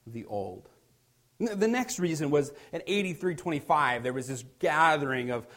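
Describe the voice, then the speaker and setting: A man preaching a sermon as pastor, reading scripture aloud with rising emphasis and explaining it in a conversational tone. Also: fairly high pitch.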